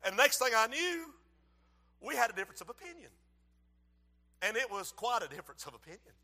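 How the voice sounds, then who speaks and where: Man, preacher, very high bright voice, hushed to shouting, long hall echo. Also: fairly quick. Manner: animated, swings from hushed to shouting. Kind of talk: sermon with acted-out story.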